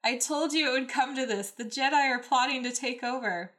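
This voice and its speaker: A woman's voice: sits high, a little fast, a bit bright, pitched above the performer's own voice. A woman voicing a scheming old male villain chancellor, whining and pleading in a raised voice, then coaxing. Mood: wailing.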